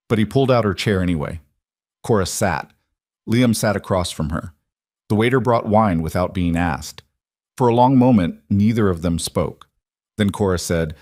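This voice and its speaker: Male storyteller: low pitch, steady and measured, dry close recording. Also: no room sound. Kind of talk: scripted narration.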